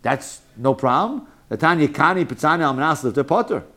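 Brief: man teaching Talmud, slightly high voice, animated and joking, mixes in Hebrew terms. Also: a little fast. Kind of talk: lively Talmud class lecture.

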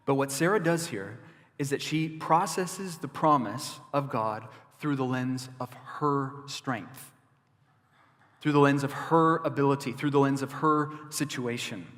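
A male pastor delivers an animated, emphatic sermon with conversational asides in a church. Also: mid-range voice, unhurried, big-room sound.

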